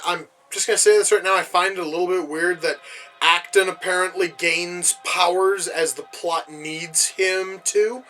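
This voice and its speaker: A man talks through a film as he watches it, in a high voice with a sharp, bright edge. He rants and swears with casual exasperation. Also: low-quality recording. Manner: profane, exasperated ranting asides. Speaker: movie reviewer. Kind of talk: casual reaction commentary.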